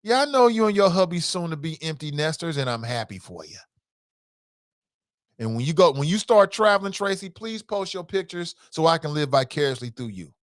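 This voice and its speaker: Give me a middle-aged man, hosting a casual talk show. His pitch leaps and falls with lots of emphasis as he riffs on viewer comments. The sound is dry and close, with no room around him. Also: no echo. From United States. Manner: animated, emphatic, drawn-out repetitions. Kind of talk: casual live-stream talk.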